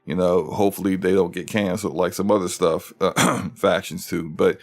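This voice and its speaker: Upbeat low-voiced man hosting a stream. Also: steady tone, normal speed. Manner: chatty, rambling with restarts, upbeat. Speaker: podcast host. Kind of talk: casual livestream chat.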